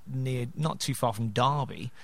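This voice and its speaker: A man's voice: mid-range voice, measured pace, gravelly. A man, co-hosting a podcast in casual chat, chatty and laughing often. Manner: chatty, laughs often, does funny voices in stories. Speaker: podcast co-host.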